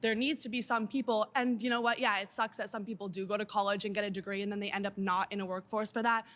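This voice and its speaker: A woman's voice: mid-range voice, steady tone, fast, fairly bright tone. A woman pushing back in a campus debate with earnest, reasoned points. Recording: echoey hall.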